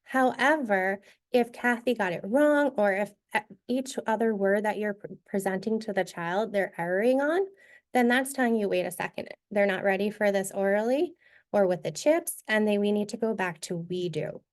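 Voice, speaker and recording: A woman presenting a teacher-training session, modeling a reading activity step by step in a clear, instructive way. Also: mid-range voice, moderate pace.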